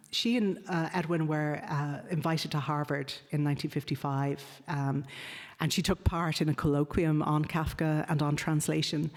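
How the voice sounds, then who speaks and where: Woman lecturer, lowish voice, halting with fillers, echo of a large hall. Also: a little mellow. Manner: many ums and uhs, self-correcting. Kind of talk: academic lecture.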